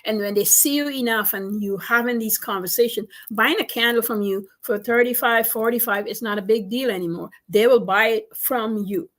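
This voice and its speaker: A woman coach giving business advice in a fairly high voice. She talks in an animated, emphatic way and repeats key lines for stress. It sounds like a casual interview. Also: moderate pace, hardly any pauses.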